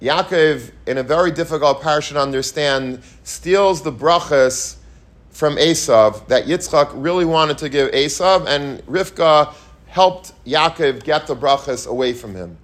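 A man's voice: a little high, animated, a little slow. A man teaching the weekly Torah portion, earnest and repetitive, asking rhetorical questions and mixing in Hebrew and Yiddish terms. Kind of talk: Torah lecture.

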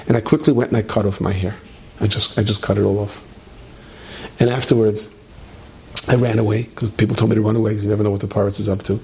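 A man's voice: on the low side, flat delivery, fast, warm tone, slight background noise. A man giving a sermon, telling stories and acting out their voices, mixing in Hebrew and Yiddish terms. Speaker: rabbi.

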